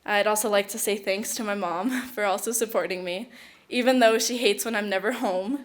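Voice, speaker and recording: A woman's voice: medium pitch, fairly even intonation, brisk. A teenage girl who speaks at home, giving an award acceptance speech, emotional and close to tears, with giggles. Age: teens. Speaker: award recipient. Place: awards event hall.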